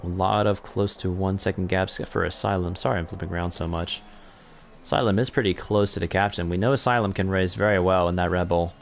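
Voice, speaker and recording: Young guy calling sim races, lowish voice, chatty, apologizes for slips, faint hiss behind. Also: fairly quick, vocal fry. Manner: chatty, self-correcting, gets excited during battles. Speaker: race commentator. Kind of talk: sim racing commentary.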